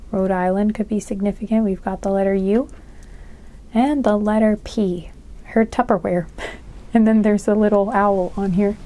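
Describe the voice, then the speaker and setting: A woman's voice: medium pitch, dark tone. A woman giving a casual, rambling tarot reading, chatty and full of fillers as she reads out signs. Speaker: tarot reader.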